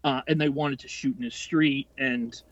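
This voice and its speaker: Guesting on a podcast, this late-twenties man spins a lengthy, foul-mouthed tale, wandering off and starting over as he goes. His voice is mid-range and steady, with a dry, dull-sounding recording. He comes across as quick-tempered and rambling.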